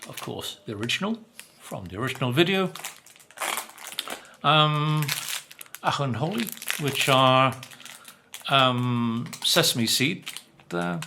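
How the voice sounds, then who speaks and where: A man's voice: medium pitch, vocal fry, background noise. An older man, chatting casually while tasting biscuits, musing with plenty of fillers and speaking with his mouth full at times. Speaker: vlogger. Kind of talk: casual food review.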